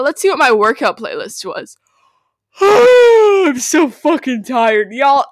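A young woman chats through her old playlists on a solo podcast, swearing freely and bursting into loud laughs. Her voice sits a little high. The sound is dry and close, with no room around it. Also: no echo. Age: young adult. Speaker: podcast host. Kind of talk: casual solo podcast chat. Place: bedroom.

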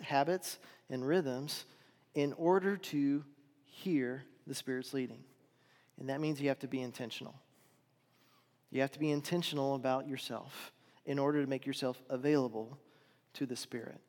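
A man's voice: fairly high pitch, a little mellow. Earnest preaching man in a reverberant hall. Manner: earnest, conversational preaching with rhetorical questions. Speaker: pastor. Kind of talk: sermon.

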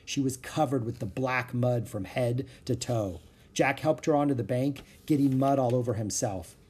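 Audiobook narrator, man, husky mid-pitched voice, lively children's storytelling. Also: normal speed.

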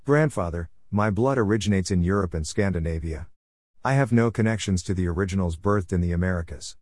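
A man reading his own reflective story in a measured, wry way. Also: sits low, darkish tone, no echo, clean studio sound. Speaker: narrator.

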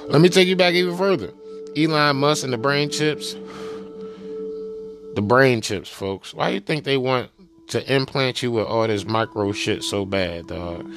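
A man's voice: medium pitch, measured pace. A man talking loosely and profanely in a rambling casual monologue, full of fillers and repeated asides. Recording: music playing behind the voice.

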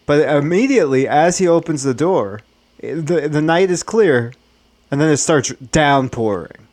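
A man's voice: fairly high pitch, lively intonation, a little slow, a little mellow. Casual man improvising a horror story. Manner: casual, swears, frequent restarts and "like". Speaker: improv podcast co-host.

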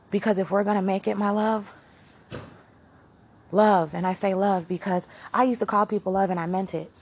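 A woman hosts her own podcast, giving a rambling, preachy motivational monologue that swings between loud and hushed. Her voice is mid-range, with slight background noise.

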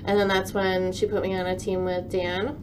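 A woman guest tells stories in easy, chatty conversation. Her voice sits at an everyday middle pitch. A faint noise runs under the recording. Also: flat delivery, normal speed. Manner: chatty storytelling. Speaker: guest, virtual design consultant. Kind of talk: casual chat.

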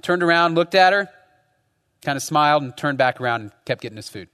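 A man's voice: fairly high pitch, expressive, brisk, pushed and bright, smooth, long reverb tail. A man preaching a sermon as pastor, talking conversationally and often tagging his points with rhetorical questions. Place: church.

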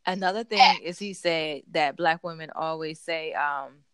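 A woman with a slightly low voice, co-hosting a casual chat and spinning animated stories. Her voice sits close and dry, with no room around it. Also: a little slow, clean tone, no room sound. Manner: chatty storyteller, animated retellings. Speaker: podcast co-host.

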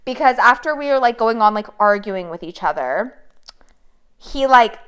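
Woman, casual storyteller, lively and profane, quotes texts in voices. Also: fairly high pitch, normal speed, clean tone. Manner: animated, swearing, quoting messages in voices. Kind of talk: casual chat.

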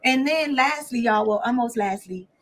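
High-voiced animated woman telling stories. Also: moderate pace. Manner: animated, acts out what others said. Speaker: podcast co-host. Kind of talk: casual chat, storytelling.

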